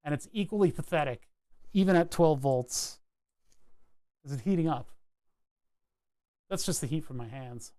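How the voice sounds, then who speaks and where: A man's voice: fairly high pitch, moderate pace, pauses often. Easygoing man tinkering at his workbench. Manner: relaxed, self-deprecating, chuckles often. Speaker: streamer building electronics projects live. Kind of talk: casual live-stream chat while tinkering. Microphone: wired microphone at his workbench.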